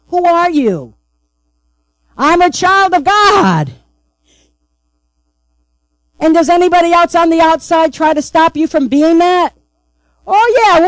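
A woman's voice: sits high, no echo, poor audio. A woman pastor preaching a sermon, emphatic and repeatedly asking the congregation "right?".

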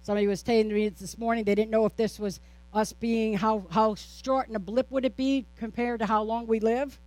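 A woman pastor preaching a sermon, with a steady, repetitive preaching cadence, rhetorical questions and playful, self-teasing asides. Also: a little high, fairly quick, no room sound.

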